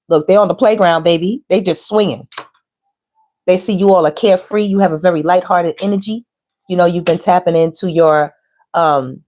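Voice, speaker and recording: Woman doing a tarot reading, kinda low voice, teasing and chatty. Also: a little mellow. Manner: chatty, teasing, talks straight to viewers with slang. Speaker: tarot reader. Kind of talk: casual spiritual reading.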